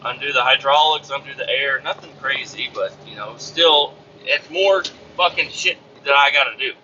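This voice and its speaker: A man's voice: medium pitch, normal speed, sharp tone, dull audio, slight background noise. A man who drives trucks and hosts a podcast, telling a profane, exasperated story about his workday in a casual rant.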